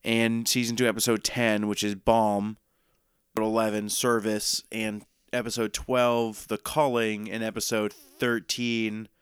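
A podcast co-host chatting casually and joking with his friend. His voice is very smooth and resonant, recorded close and dry with no room sound. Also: lowish voice, little pitch movement, dry recording. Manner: jokey, rambling, lists things slowly. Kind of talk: casual chat.

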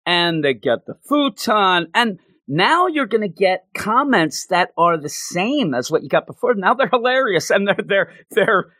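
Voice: mid-range voice, very animated, a little slow, few pauses, pushed and bright, no room sound. A podcast host chatting casually about an anime episode, retelling scenes with laughter and acting out the characters' lines. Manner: laughs often while talking. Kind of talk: casual chat.

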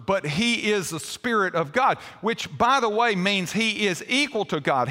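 An older man preaches a sermon in a folksy style, turning to the congregation with questions. His voice is bright and sits a little high. It rings with long reverb from the church hall. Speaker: pastor. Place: church sanctuary.

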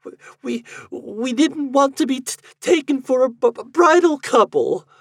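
A man's voice: very high-pitched, animated, unhurried, no echo, studio quality, voice pushed up, heavily acted. A man voicing a young woman who is crying and stammering through her sobs. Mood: sobbing. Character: young woman sobbing in distress.

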